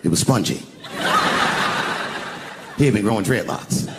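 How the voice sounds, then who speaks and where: A man's voice: fairly low pitch, expressive, measured pace, creaky. An older man telling a profane stand-up story on an arena stage, acting out the voices of the people in it. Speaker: stand-up comedian. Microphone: handheld stage mic. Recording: live arena recording with crowd noise. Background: audience laughter.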